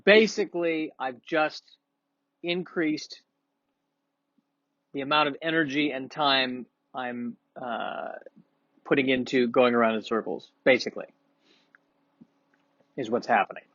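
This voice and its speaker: Sniffly male comic rambling, self-mocking, mid pitch, dry slightly muffled sound. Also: measured pace, long pauses, fairly bright tone, no echo. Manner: self-deprecating, rambling with many restarts. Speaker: comedian vlogger. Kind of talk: casual rambling monologue.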